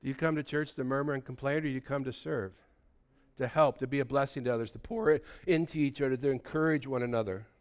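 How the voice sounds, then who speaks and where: A man's voice: medium pitch, quick pace. A pastor in his sixties preaching a sermon in a conversational storytelling way, often checking in with his listeners.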